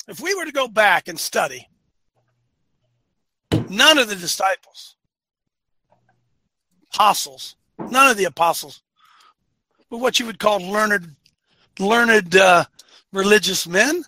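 Brief: middle-aged male host, high and very bright voice, emphatic preaching monologue with repeated phrases. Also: normal speed, pauses often, no room sound, low-quality recording. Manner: emphatic, repeats phrases, swings from quiet to loud. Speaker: host of a men's ministry call-in show. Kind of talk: preaching-style monologue to listeners.

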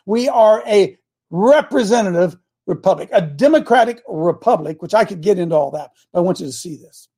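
Husky man as a fired-up show host, hammering each point slowly. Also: sits high, expressive, mellow. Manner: emphatic, repeats key words slowly, addresses helpers by name. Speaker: coach leading a Christian talk show. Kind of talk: fiery preaching-style talk to viewers.

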